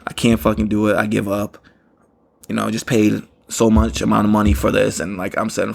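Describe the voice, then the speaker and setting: Male podcast host, low and gravelly, rambling casual storyteller who laughs at himself. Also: monotone, a little fast, a little mellow. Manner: rambling, repeats "you know what I mean", laughs at himself.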